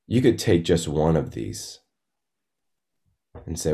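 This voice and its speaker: Very deep-voiced, slow-talking man preaching. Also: big pitch swings, gravelly, warm tone. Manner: slow and meditative. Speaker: pastor. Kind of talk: sermon.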